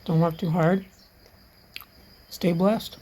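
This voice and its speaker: Slow-talking retired woman in her kitchen. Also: on the low side, fairly even intonation, mellow, a little hiss or hum, low-quality recording. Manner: chatty, homey, talks while eating. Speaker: vlogger. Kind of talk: casual cooking vlog. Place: home kitchen.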